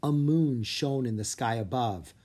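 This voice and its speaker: A reader narrating a children's fantasy audiobook with expressive, animated storytelling. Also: medium pitch, a little slow.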